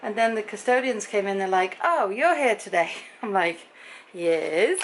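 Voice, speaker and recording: A woman's voice: medium pitch, moderate pace, slight background noise, poor audio. A middle-aged British woman vlogging in a casual, chatty way, telling stories and acting out both sides of each conversation, sounding tired. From Britain. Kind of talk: casual chat to camera.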